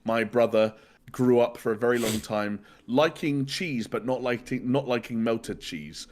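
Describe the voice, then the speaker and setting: A man's voice: medium pitch, unhurried, darkish tone, a little hiss or hum. British man, podcast host, casual rambling talk, frequent restarts.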